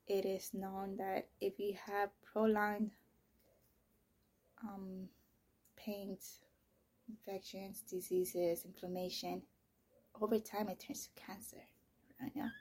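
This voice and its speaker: Soft-spoken woman with a gravelly husky voice. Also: medium pitch, flat delivery, takes it slowly, pauses often. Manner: soft-spoken, often near a whisper, blunt and profane. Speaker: podcaster telling her own story. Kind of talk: candid personal monologue.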